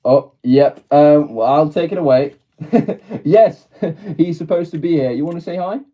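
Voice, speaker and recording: A man's voice: a little high, measured pace, lo-fi sound. A British man chatting casually on a live stream, laughing often and answering his chat as he goes.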